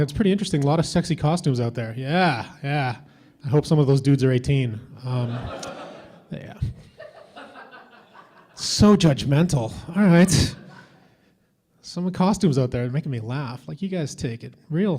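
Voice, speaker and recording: A man from the Philippines performing a stand-up comedy set at a convention, offhand and deadpan with lots of fillers. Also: fairly high pitch. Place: convention stage before a crowd.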